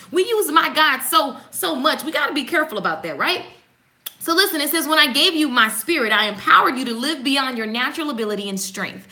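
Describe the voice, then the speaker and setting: A woman hosting a casual morning devotional. She reads passages aloud and comments on them in an animated, preachy way, speaking straight to her viewers. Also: sits high, normal speed. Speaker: host giving a morning devotional.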